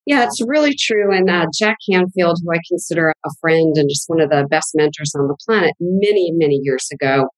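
A woman business coach answering interview questions in a plain, direct, steady way. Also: low voice, brisk, hardly any pauses, no echo, low-quality recording.

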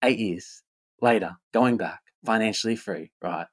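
Low-voiced man, upbeat casual monologue, repetitive, swearing, lots of "right?". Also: measured pace, breathy edge. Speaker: event host and rapper.

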